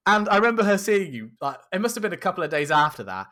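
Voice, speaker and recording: A man's voice: sits high, very animated, fast, pushed and bright. A man co-hosting a podcast, telling a story in casual chat, swearing, laughing and acting out what people said. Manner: swearing, laughing, acts out quoted lines. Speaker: podcast co-host.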